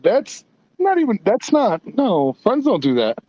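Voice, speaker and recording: A man's voice: sits high, huge pitch swings, a little slow, mellow, highs cut off. A man hosting a casual podcast, telling stories and swearing freely. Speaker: podcast host. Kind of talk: casual profane banter.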